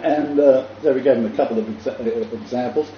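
A man with an Australian accent preaching an informal sermon, pausing often, then building with emphatic repetition. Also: medium pitch, slight background noise. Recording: echoey, distant, dull room recording.

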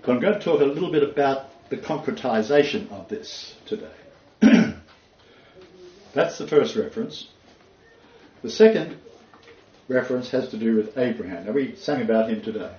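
A man's voice: mid-range voice, animated, a little mellow. A man giving a homely, unscripted sermon. He rambles, hesitates and laughs at his own stories. His voice carries in a roomy space on a dull, muffled recording. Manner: rambling, halting, chuckling asides. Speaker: preacher. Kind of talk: informal sermon with anecdotes.

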